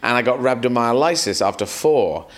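A man's voice: mid-range voice, moderate pace. Rambling man telling stories. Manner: rambling, animated storytelling with acted-out quotes and swearing. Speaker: comedian guest. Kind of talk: live podcast conversation.

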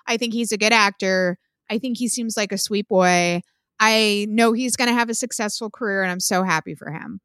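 A woman's voice: medium pitch, normal speed, a bit bright, smooth, dry recording. A woman in her thirties co-hosting a podcast, chatting casually with strong opinions and lots of "like" and "um". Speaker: podcast co-host. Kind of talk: casual chat.

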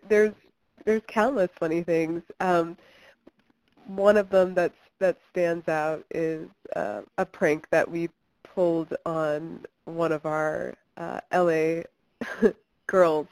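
Low-pitched kentucky woman, chatty interview guest, lots of ums and restarts. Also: fairly even intonation, slow pace, a little mellow, dry recording, low-quality recording. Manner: chatty, many fillers and restarts, laughs often. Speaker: filmmaker guest. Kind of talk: interview conversation.

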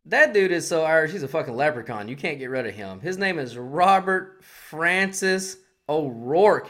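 A man's voice: fairly high pitch, bright, forceful tone. A man co-hosting a podcast, riffing sarcastically in crude casual banter. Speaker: podcast co-host.

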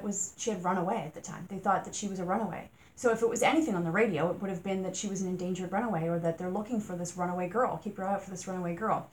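Podcast host woman, impassioned and rambling. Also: lowish voice. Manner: rambling, exasperated, rhetorical questions. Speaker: true-crime podcast host. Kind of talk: casual podcast narration.

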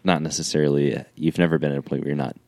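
A man's voice: extremely low pitch, steady tone, racing, darkish tone, no echo. A young man, a drummer and music teacher, chatting casually and telling stories with lots of "like" fillers. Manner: loose storytelling with many "like" fillers. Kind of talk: casual chat.

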